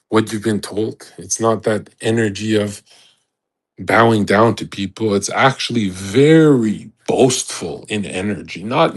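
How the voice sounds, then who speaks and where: A man with a fairly low, breathy-edged voice speaks on a home microphone in an audio chat space during a livestream. His motivational monologue is intense and rambling, delivered as casual chat, and he often restarts his sentences.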